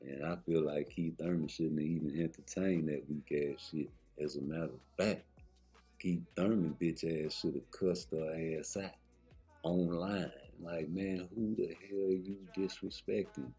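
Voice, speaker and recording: Low, husky male vlogger; heated, profane, rambling hot takes. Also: steady tone, measured pace, dark tone, faint music behind. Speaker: boxing commentary vlogger. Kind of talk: casual opinion rant.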